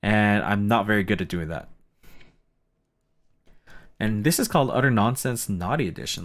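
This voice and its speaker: A young man, accent a mix of Filipino and Bay Area, talks casually on a live stream about what he plans to do. His fairly low, slightly bright voice moves at normal speed with long pauses, and he rambles with many ums and self-corrections.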